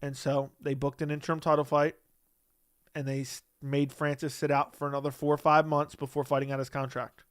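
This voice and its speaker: A man's voice: a little high, little pitch movement, fairly quick, clean tone, dry recording, studio quality. A man hosting a casual livestream, reading chat messages aloud and answering them in a blunt, dismissive way.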